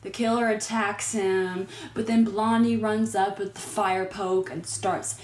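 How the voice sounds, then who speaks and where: A woman's voice: medium pitch, little pitch movement, a little slow, reverberant, very noisy. A woman casually recapping a horror movie, with exasperated, sarcastic commentary on the characters.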